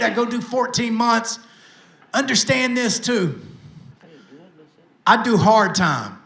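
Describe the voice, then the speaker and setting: A man, a recovery pastor telling his life testimony to a live audience with lively, self-mocking storytelling. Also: sits high. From Tennessee, USA. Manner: lively storytelling with self-mocking humor, addresses the crowd directly. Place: event stage with live audience. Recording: echoey room sound.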